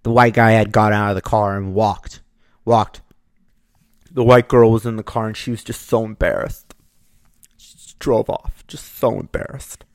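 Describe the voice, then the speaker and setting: A man casually telling a personal story, lively, acting out the people in it. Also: lowish voice, normal speed, pauses often, no room sound. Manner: animated, acts out the people in his story.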